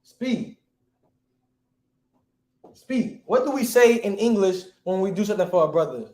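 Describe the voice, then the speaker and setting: High-voiced man teaching in echoey room. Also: expressive, a little slow, a little mellow. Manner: conversational, quizzes the class, slangy. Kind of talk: informal classroom teaching.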